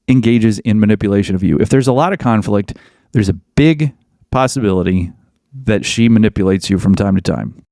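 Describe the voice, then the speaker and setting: Podcast host, male, mid pitch with a gravelly edge, blunt and emphatic, dry close-mic sound. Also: a little mellow, no room sound. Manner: blunt, emphatic, repeats points. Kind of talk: advice monologue.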